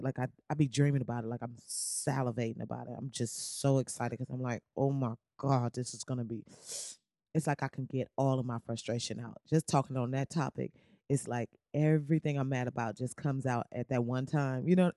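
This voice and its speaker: A woman's voice: a bass voice, a little fast, no echo, studio quality. A young woman hosting a podcast, ranting casually with slang, jokes and riffs. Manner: animated, slangy, beatboxes and riffs. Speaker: podcast host. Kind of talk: casual comedic rant.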